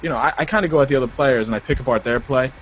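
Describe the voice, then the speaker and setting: A middle-aged man in casual chat, quick and self-mocking, acting out his own whining. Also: mid-range voice. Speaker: gaming podcast co-host. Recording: tinny phone-like line with faint noise.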